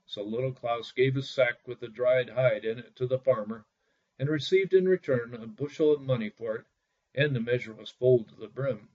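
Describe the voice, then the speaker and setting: A storyteller reads a bedtime fairy tale with energy, giving the characters their own voices. His pitch is medium and his speed normal, and the recording is dull and lo-fi.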